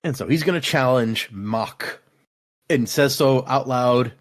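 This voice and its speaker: A man's voice: medium pitch, a little slow. A man casually recapping book chapters for a podcast, slipping into playful quoted voices. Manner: animated, recaps scenes with lively acted-out quotes. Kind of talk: casual book club chat.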